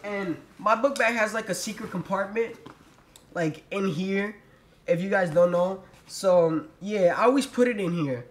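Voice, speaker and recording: A man's voice: high-pitched, measured pace, a little hiss or hum. A young man telling a storytime vlog in a profane, exasperated rant. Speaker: vlogger. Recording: roomy echo.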